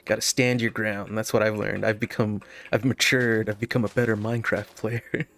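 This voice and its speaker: A man's voice: on the low side, level tone, normal speed, a bit bright. A man telling a story while playing a game, rambling with many fillers and nervous laughs. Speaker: gaming video host. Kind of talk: casual gameplay commentary with storytelling.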